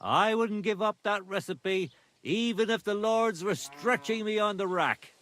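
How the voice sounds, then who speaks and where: An actor playing a proud, stubborn village brewer in game dialogue, gruff and boastful as he flatly refuses to share his secret recipe. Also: high voice, measured pace.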